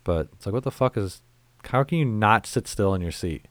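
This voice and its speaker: A man's voice: lowish voice, lively intonation, normal speed, dry recording. A middle-aged man hosting a casual podcast, rambling and exasperated, swearing a lot as he tells stories. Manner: rambling, profane, exasperated storytelling. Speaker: podcast host. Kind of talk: casual profane podcast chat.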